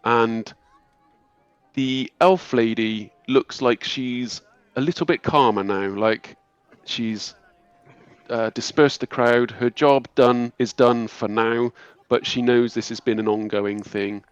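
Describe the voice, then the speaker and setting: A man narrating as game master, telling the scene in an unhurried, descriptive way. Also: mid-range voice, fairly even intonation, smooth, dry recording. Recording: dull lo-fi recording.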